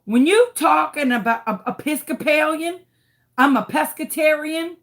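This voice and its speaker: Speaking at normal speed, a woman who hosts a crafting channel recounts a story to camera in a high, somewhat bright voice. Her manner is dramatic and exasperated, with sudden shrieks.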